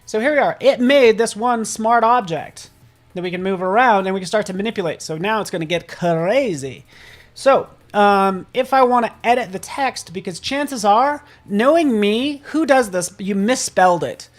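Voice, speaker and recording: An upbeat man runs a live software tutorial and talks straight to viewers in the chat. His delivery is casual and playful, and he jokes about himself as he teaches. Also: high-pitched, lively intonation, moderate pace. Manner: casual and self-joking. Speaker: host and software instructor.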